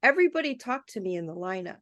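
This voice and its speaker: A woman tells a story in a relaxed, chatty way, slipping into little voices for the people she quotes. The sound is dry and close with no room around it. She is a guest programmer on an interview show. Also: medium pitch, fast talker, no echo. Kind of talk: casual storytelling in a podcast interview.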